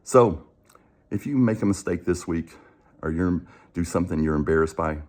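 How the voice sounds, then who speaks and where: A man with a very low, deep voice who speaks casually and directly to the camera. He retells a story by acting out both sides of the conversation, with many restarts. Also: moderate pace, a little mellow. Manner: conversational, acts out the dialogue, frequent restarts. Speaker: coach and show host.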